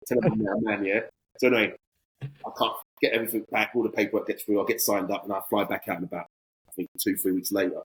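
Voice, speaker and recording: Fast-talking husky man. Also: fairly low pitch, poor audio. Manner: animated, acts out both sides of conversations, repeats phrases. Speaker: podcast guest. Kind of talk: casual anecdote telling.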